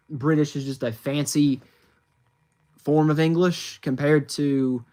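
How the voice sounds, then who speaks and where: A man from the United States streaming from his phone, reading chat questions aloud and answering in a chatty, rambling way with lots of fillers. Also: a little high. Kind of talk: casual livestream chat.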